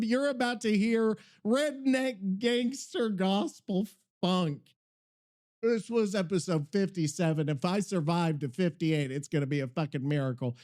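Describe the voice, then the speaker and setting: A man's voice: high voice, a little slow, darkish tone. A man hosting a podcast in casual chat, rambling, profane and easily worked up. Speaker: podcast host.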